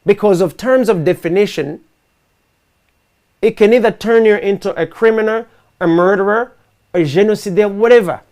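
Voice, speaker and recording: A man with a high-pitched voice hosts a live online talk show. He speaks in an earnest, emphatic way and presses his case through rhetorical questions and repetition. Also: moderate pace, pauses often, darkish tone. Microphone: video call setup.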